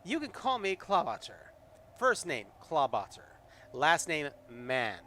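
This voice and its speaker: A man voicing a moody, half-mad little old male kobold in a solo tabletop game, talking in a shrill, fussy, indignant way. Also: wildly swooping pitch, slow pace, sharp tone, slight background noise, exaggerated voice. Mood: proud.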